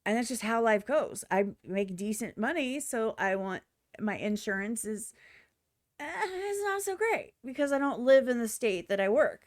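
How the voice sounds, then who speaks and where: A woman's voice: a little high, big pitch swings, moderate pace, no room sound, studio quality. A woman streamer giving blunt, profane reaction commentary on a music video, often mimicking other people in exaggerated voices.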